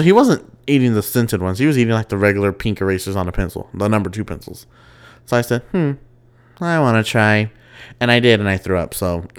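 A young man hosting a casual solo podcast, chatty and quick to laugh as he tells stories. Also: on the low side. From West Texas. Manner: chatty, giggly, animated storytelling. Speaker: podcast host.

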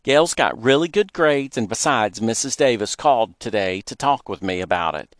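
A man voicing a brisk, sensible farm mother who speaks in a matter-of-fact, firm way. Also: medium pitch, expressive, no room sound, studio quality, natural voice.

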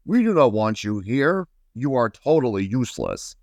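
Man putting on a bossy big paintbrush, sneering, loud, raised voice, storybook bully. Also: on the low side, very animated, a little slow, dry recording, clean studio sound. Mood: scolding.

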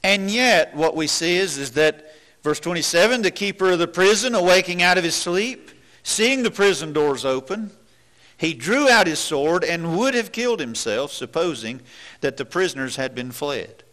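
A preacher with lively intonation speaks at normal speed in a bright, forceful voice that sits a little high. Earnest and questioning, he keeps restarting and dips low to act out doubtful thoughts.

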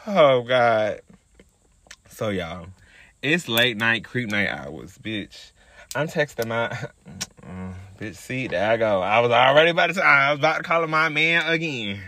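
A man's voice: medium pitch, lively intonation, unhurried, sharp tone, no room sound. A man hosting a podcast, telling a story in a sassy, profane, chatty monologue. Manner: sassy, profane, chatty, calls listeners girl. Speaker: podcast host.

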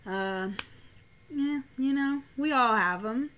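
A woman's voice: high-pitched, slow, fairly bright tone, a little hiss or hum. A young woman, co-hosting a podcast and telling a story animatedly, swearing freely. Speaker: podcast co-host. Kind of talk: casual chat.

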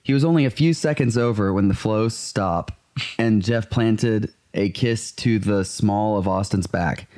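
Exasperated, swearing low-voiced man. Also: measured pace, a little mellow. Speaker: podcast co-host. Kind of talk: casual chat and reading aloud.

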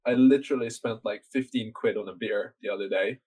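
A man's voice: fairly low pitch, brisk, darkish tone, breathy edge, poor audio. A young man from Norway chatting casually on a podcast, rambling through a story full of fillers and swearing. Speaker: podcast guest telling a story. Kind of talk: casual chat.

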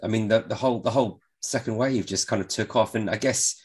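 A man's voice: on the low side, quick pace, darkish tone, breathy edge. A male interviewer who asks his questions in a hesitant, searching way. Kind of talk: casual interview.

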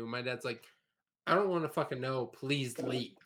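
A man's voice: mid-range voice, normal speed, fairly bright tone, a little hiss or hum. A man in his late twenties hosting a casual podcast, telling stories bluntly and swearing often. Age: late 20s. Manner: profane, blunt storytelling. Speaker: podcast host.

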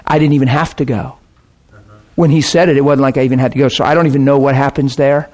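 A man preaching, telling a personal story to his audience in an animated, emotional way with bursts of laughter. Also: medium pitch, fast. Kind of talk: anecdotal storytelling sermon.

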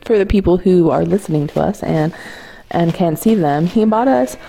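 A woman co-hosting a podcast speaks in a fairly low, creaky, mellow voice at a moderate pace. Her casual chat is brash and teasing, and she swears freely.

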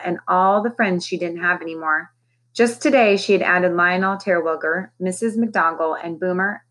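A woman's voice: lowish voice, a bit bright. A woman, a teacher, reading a children's novel aloud expressively and raising her voice for the characters' lines.

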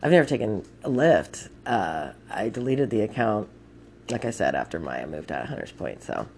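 Young woman, swearing a lot, animated rambling story, casual spoken letter. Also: extremely low pitch, moderate pace, slight background noise.

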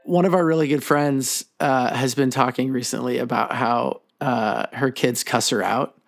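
A man in his thirties co-hosting a podcast, telling family stories in an animated way and laughing often. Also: mid-range voice, normal speed, vocal fry, faint music behind. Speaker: podcast co-host. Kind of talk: casual chat.

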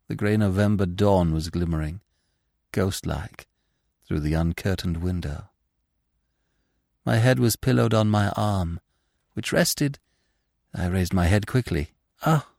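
A man narrating a classic ghost story in a slow, expressive storytelling manner. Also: lowish voice, creaky, no room sound, clean studio sound. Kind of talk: dramatic audiobook narration.

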